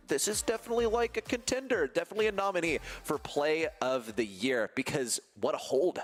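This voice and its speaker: Excitable male esports caster. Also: a little high, a little fast, hardly any pauses, soft background music. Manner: excitable, enthusiastic play breakdown. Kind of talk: esports desk commentary.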